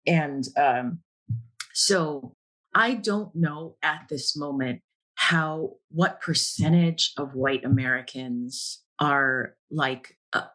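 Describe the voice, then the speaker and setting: A man's voice: fairly high pitch, slow pace, sharp tone. A man who works as a stage actor, a guest on a podcast, explaining hesitantly in casual chat with many ums and restarts.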